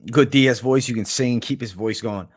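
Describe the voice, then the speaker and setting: Man, livestream host, casual viewer Q&A, laid-back, profane, mid-pitched. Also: fairly quick. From United States. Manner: laid-back, profane, says "bro" a lot. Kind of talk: casual chat answering viewer questions.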